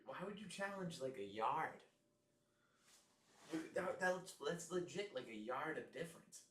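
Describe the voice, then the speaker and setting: A man giving casual live reactions to a football game, excitable and exasperated, often repeating himself. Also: on the high side, a little slow, roomy sound, recorded from a distance, a little hiss or hum.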